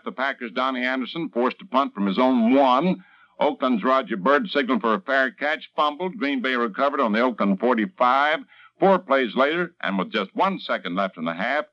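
A man delivering a brisk, emphatic sports news recap on the radio. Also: medium pitch, a bit bright. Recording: dull lo-fi vintage radio broadcast.

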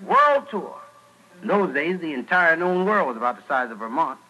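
A comedian telling a Bible story as a jive street tale, with shrill put-on screams for the characters. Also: male voice, animated, fast, sharp tone. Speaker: stand-up comedian. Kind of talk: stand-up storytelling. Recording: noisy old radio broadcast.

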